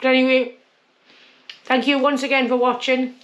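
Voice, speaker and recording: A woman's voice: sits high, flat delivery, moderate pace, long pauses, fairly bright tone, a little hiss or hum. A woman hosting a casual cooking vlog, chatting homely while she eats. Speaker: cooking channel host.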